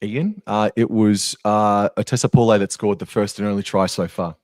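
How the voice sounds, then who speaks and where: A man's voice: on the low side, steady tone, normal speed, darkish tone, no echo. A man with an Australian accent co-commentating a live match in a casual, chatty way full of slang. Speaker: sports co-commentator.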